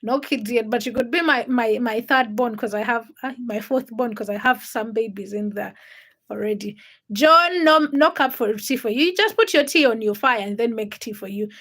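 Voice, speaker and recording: A woman's voice: on the high side, moderate pace, fairly bright tone. A woman from Uganda hosting a casual livestream from home, greeting viewers by name and answering their comments as she chats. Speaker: livestream host.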